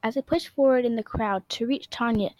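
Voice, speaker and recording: A woman's voice: on the high side, fairly quick, darkish tone, no echo, rough recording. Earnest woman reading a diary story. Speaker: narrator. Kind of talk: reading a first-person diary story aloud.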